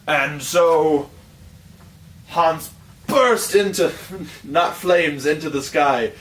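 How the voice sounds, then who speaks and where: A man's voice: fairly high pitch, very slow, a bit bright. Man improvising a rambling playful tall tale. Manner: playful, rambling, gesturing, self-correcting. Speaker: storyteller. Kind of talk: improvised storytelling. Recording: distant mic with faint ambient noise.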